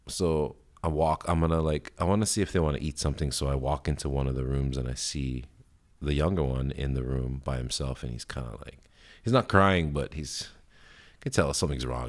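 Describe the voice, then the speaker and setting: Very deep-voiced rambling podcast host. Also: male voice, gravelly. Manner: rambling, laid-back, heavy swearing, frequent fillers and laughs. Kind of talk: casual solo podcast chat.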